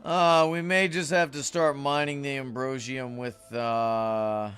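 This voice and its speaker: A man's voice: medium pitch, steady tone, slow, fairly bright tone, clean tone, soft background music. A man chatting casually with viewers while livestreaming a game, rambling and greeting chat. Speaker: streamer.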